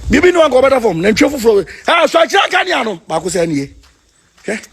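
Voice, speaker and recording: A man with a Ghanaian accent, preaching in an excited chanting call-and-response style, repeating his phrases over and over. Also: very high-pitched, quick pace. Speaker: self-styled spiritual leader.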